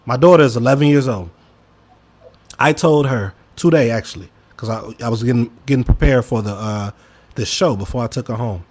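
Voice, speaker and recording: Emphatic man. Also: fairly quick. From Chicago. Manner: emphatic, swings between loud bursts and low mutters; talks straight to listeners, says y'all. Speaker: podcast co-host. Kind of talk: casual opinion commentary.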